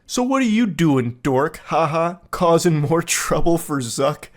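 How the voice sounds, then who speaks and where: A man's voice: a little high, expressive, unhurried. A man voicing an obnoxious, aggressive young man reading his own text messages in a sneering, mocking tone. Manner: sneering, mocking overblown delivery.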